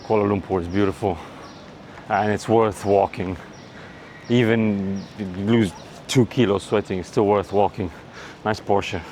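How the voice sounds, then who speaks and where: A man's voice: on the low side, steady tone, a little slow, darkish tone, slight background noise. Rambling man vlogging on a city walk. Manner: rambling, joking, swears casually. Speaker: travel vlogger. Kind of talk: casual walking vlog commentary. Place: outdoors on city streets.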